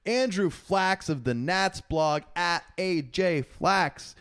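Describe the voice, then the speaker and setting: A man's voice: sits high, slow, fairly bright tone, clean tone. A young man co-hosting a casual podcast from his apartment bedroom, joking and teasing his co-host.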